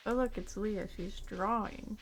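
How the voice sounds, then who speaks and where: Woman chatting away on a game stream, thinking out loud and talking to chat, middle pitch. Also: fairly even intonation, unhurried, a little hiss or hum. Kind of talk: casual gameplay stream chat.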